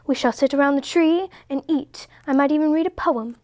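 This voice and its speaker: A woman's voice: high-pitched, brisk, darkish tone, natural voice. A woman reading aloud, voicing a stern, fussy male bear who speaks in a pompous, formal way.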